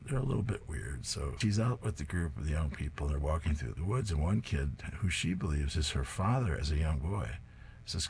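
A man's voice: rumbling low, big pitch swings, moderate pace, vocal fry, a little mellow. A man reading comic strips aloud, describing each panel in a plain, descriptive way. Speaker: reader.

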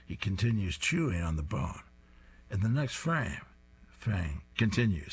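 A man's voice: lowish voice, big pitch swings, moderate pace. A man reading comic strips aloud, describing each panel with an amused tone. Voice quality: husky.

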